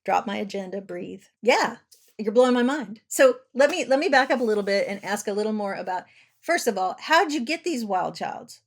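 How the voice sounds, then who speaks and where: A woman's voice: fairly high pitch, lively intonation, a little fast. A woman hosting a podcast interview, talking in an enthusiastic, conversational way. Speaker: podcast host and therapist.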